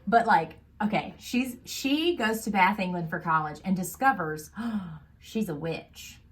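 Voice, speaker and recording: A woman co-hosting a casual book podcast, chatty and animated, laughing often. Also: fairly low pitch, measured pace. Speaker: podcast co-host.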